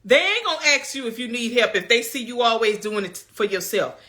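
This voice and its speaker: A young adult woman gives a motivational self-care talk on her vlog, speaking with a bright, forceful edge. Her voice sits a bit above the usual pitch. She preaches in a colloquial, folksy way and keeps pressing her points straight to the viewers. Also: animated, a little fast. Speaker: lifestyle vlogger.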